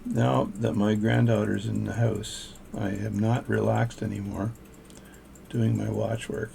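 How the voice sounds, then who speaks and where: A man's voice: lowish voice, steady tone, normal speed, creaky, mellow, a little hiss or hum. An older man, a watchmaker, casually talking through his repair work at home and chatting between steps. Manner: casual, chatty, thinks aloud between tasks. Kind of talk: narrating repair work as he goes. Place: home workshop.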